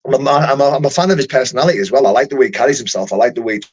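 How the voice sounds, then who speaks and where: A man's voice: mid-range voice, racing, slightly rough. A young man who fights for a living, chatting casually on a livestream and answering viewer comments in a rambling, profane way with lots of restarts. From United Kingdom.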